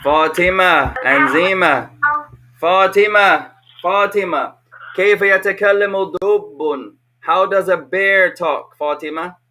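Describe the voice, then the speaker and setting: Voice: medium pitch, measured pace, sharp tone, a little hiss or hum. A teacher leading an online language lesson for children, patiently repeating each question over a video call.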